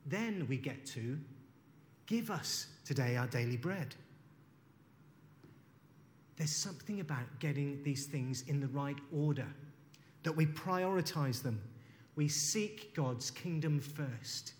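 A man's voice: on the high side, lively intonation, takes it slowly, long pauses, a little hiss or hum. A man preaching a sermon, reflective, reading scripture aloud and unpacking it. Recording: long hall reverb.

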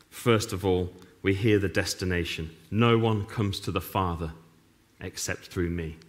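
Middle-aged pastor, animated sermon delivery, wry sarcastic asides. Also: male voice, lowish voice. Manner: wry, self-mocking humor with sarcastic asides.

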